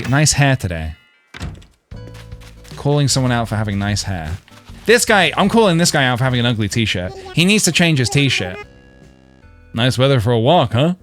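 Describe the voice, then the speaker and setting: A man's voice: mid-range voice, a bit bright. A man streaming a video game, chatting playfully and joking with his viewers. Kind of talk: casual gaming livestream chat.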